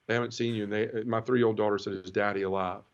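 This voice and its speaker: A man's voice: on the low side, fairly even intonation, quick pace. A middle-aged man tells an emotional personal testimony, earnest and often repeating words when moved. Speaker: interview guest. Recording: slightly dull, lo-fi.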